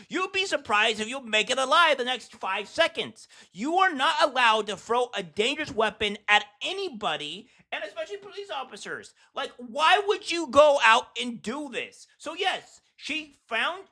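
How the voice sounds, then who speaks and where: A man hosting casual political commentary, talking in a scornful, mocking way with many halting fillers. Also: very high voice, very animated, bright, forceful tone. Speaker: commentary host.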